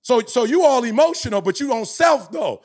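A man in his forties giving a passionate podcast talk as a motivational speaker, emphatic with a preacher-like cadence that rises into shouts. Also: very high-pitched, expressive, moderate pace. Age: 40s.

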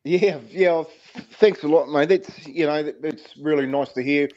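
A man's voice: on the high side, normal speed, a little mellow, lo-fi sound. A man from New Zealand, a former player turned commentator, chatting casually in a radio interview over the phone, with fillers and easy laughs. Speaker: guest, rugby league commentator. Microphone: phone line.

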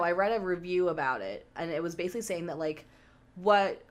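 A young woman co-hosting a casual chat about movies, talking chattily with many fillers and frequent laughs. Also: on the low side. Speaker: podcast co-host.

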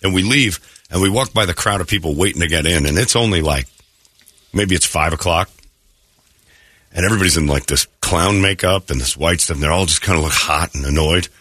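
A husky male morning radio host rambles through his stories with a bright, lively delivery. His voice sits a little low and sounds thick from allergies. The studio sound is dry and close. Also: a little fast, dry recording. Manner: rambling storyteller, laughs mid-story. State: throat congested from allergies. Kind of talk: casual chat. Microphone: studio mic.

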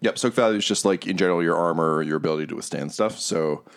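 A man's voice: low voice, quick pace, clear, resonant tone. A man narrating as game master in a casual tabletop session, talking hesitantly with many ums and uhs.

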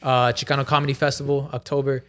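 A man's voice: medium pitch, little pitch movement, fast talker, slight background noise. A man hosting a podcast, reading out supporter names and plugging his shows. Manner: reads out names, plugs shows. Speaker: podcast host. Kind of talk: casual podcast banter.

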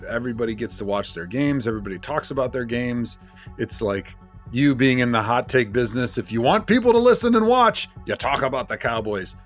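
A man's voice: mid-range voice, animated, brisk, soft background music. A man co-hosting a sports podcast, chatting casually and laughing often while he runs a vocabulary quiz. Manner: playful, laughs often, reads quiz questions. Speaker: podcast co-host. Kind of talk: casual chat.

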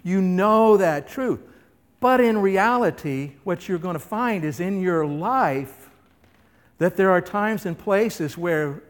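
Preaching man in an echoing hall. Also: a little high. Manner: emphatic, full of rhetorical questions. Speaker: pastor. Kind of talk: sermon. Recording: reverberant hall.

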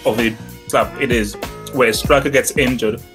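A man's voice: medium pitch, fairly even intonation, normal speed, music in the background. A man co-hosting a casual football podcast, arguing his points emphatically and often repeating words as he starts a sentence. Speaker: podcast co-host.

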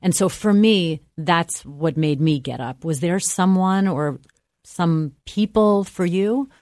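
A woman's voice: fairly low pitch, slow pace, darkish tone, no room sound, clean studio sound. A middle-aged woman hosting a podcast, talking and narrating in an earnest, thoughtful way. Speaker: host and medical correspondent.

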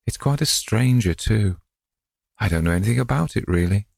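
A man as a wistful old gentleman. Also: on the low side, expressive, normal speed, vocal fry, breathy edge, no echo, clean studio sound, voice pushed up, exaggerated voice. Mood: musing. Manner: wistful, musing aloud. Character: dreamy old gentleman, tender, tree-loving.

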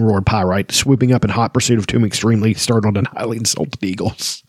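A chatty man rambles through a book discussion, stopping often for ums and you-knows as he reads passages aloud. His voice sits at a middle pitch and sounds close and dry, with no room around it. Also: fairly even intonation, brisk, darkish tone, no room sound. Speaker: book discussion podcast host. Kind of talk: casual book reading and commentary.

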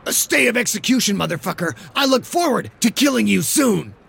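A man voicing a wild, grinning male football lineman who growls and shouts taunts. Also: sits high, sing-song, fairly quick, vocal fry, breathy edge, pitched above the performer's own voice, heavily acted. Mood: taunting.

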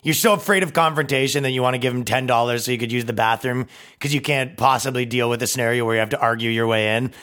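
A man's voice: mid-range voice, quick pace, hardly any pauses, fairly bright tone. A man hosting a comedy podcast, ranting in a profane, mocking way and slipping into silly put-on voices. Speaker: podcast host.

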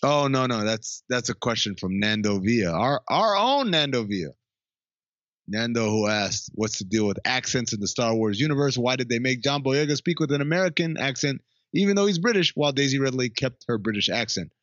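A man's voice: mid-range voice, animated, fairly quick, a bit bright, dry recording. A man chatting casually on a podcast, loose and profane, with frequent laughs. His voice is close and dry, and the sound is a little dull and lo-fi. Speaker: podcast co-host. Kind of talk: casual chat.

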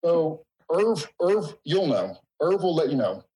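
Middle-aged man, slightly raised pitch, emotional halting storyteller. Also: big pitch swings, mellow, poor audio. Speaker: guest. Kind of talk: casual conversation.

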